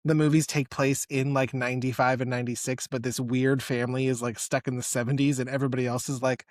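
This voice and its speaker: A man co-hosting a podcast, chatting in an excitable, rambling way full of "like". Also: medium pitch, fast, no echo, clean studio sound. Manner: excitable, rambling, heavy use of "like". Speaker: podcast co-host. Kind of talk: casual chat.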